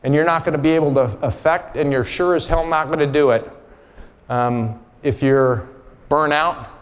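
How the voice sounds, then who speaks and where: A man giving a conference keynote, telling a personal story in a candid, blunt way. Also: mid-range voice. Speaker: conference speaker. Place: large conference hall. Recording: long hall reverb.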